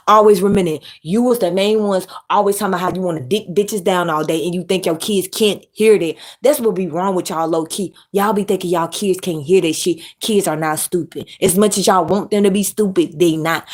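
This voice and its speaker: A woman delivers a blunt, profane rant. She lectures hard in a steady, mid-range voice, talking straight at her viewers. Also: mid-range voice. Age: adult mother. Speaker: commentary YouTuber. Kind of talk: ranting commentary.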